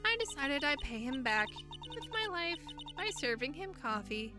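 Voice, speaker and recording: A woman's voice: sits high, sing-song, moderate pace, over music. A woman doing a frail, creepy young waitress. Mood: eerie. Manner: quiet, soft and creepy. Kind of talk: reading game dialogue aloud.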